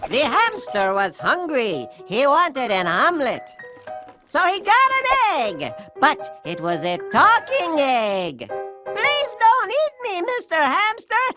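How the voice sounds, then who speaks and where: A woman's voice: sits high, exaggerated voice. A woman voicing a pompous, rambling male storytelling mule in a children's cartoon, theatrical and forever getting names wrong, with children's music behind.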